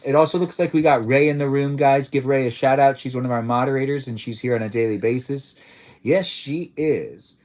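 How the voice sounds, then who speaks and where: A man's voice: mid-range voice, a little fast, a little mellow. Rambling playful male livestream host. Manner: rambling, playful, repeats his own phrases. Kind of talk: casual livestream chat.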